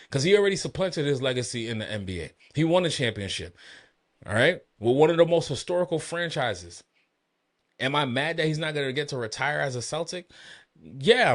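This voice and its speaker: Heated, profane sports host. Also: male voice, a little high. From Boston area. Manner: heated, profane, emphatic ranting. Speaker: podcast host. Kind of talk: solo sports rant.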